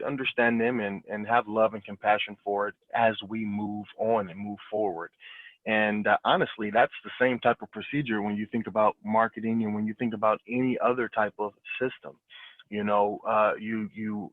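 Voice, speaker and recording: Over a cell phone, a man with a fairly low voice hosts a casual group call, sounding dry and tinny as phone lines do. He rambles encouragingly, with many restarts.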